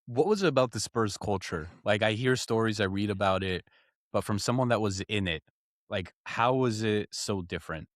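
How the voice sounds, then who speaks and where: Brief: male host, lower-mid pitch, chatty and meandering, dry studio sound. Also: moderate pace, no echo. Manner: rambling, leans heavily on "like". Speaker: podcast host. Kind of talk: casual interview.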